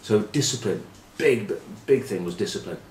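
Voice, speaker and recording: Middle-aged male pundit, lowish voice, wry storyteller, echoey room. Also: animated, moderate pace. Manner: wry, self-mocking, trailing off into quiet asides. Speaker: rugby pundit. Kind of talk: anecdotal storytelling preview. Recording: echoey room with faint ambient noise.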